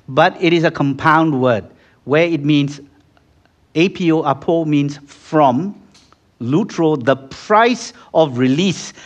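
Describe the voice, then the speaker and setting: A man preaching, his voice sitting a little high for a man. He moves from chatty storytelling with acted-out quotes to loud, fervent appeals. The recording sounds dull and lo-fi. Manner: builds from conversational storytelling to loud, fervent exhortation. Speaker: pastor. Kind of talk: sermon.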